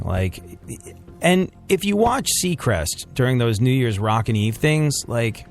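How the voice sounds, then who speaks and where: A man's voice: medium pitch, very animated, a little slow, soft background music. A man co-hosting a radio show, joking in casual banter with sarcastic asides and lots of fillers.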